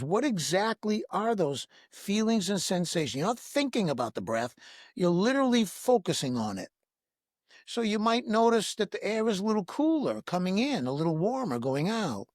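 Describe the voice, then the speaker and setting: A man guiding listeners through a breath-awareness meditation in a slow, soothing, instructive way, asking repeated gentle questions. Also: sits high, big pitch swings, no echo, clean studio sound. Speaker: breathwork teacher, podcast guest.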